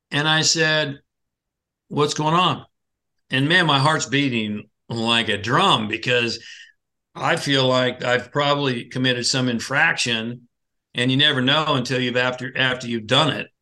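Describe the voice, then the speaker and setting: Being interviewed as a podcast guest, a man tells a personal story with vivid acted-out dialogue, often starting his sentences over. His mid-range voice is bright and forceful.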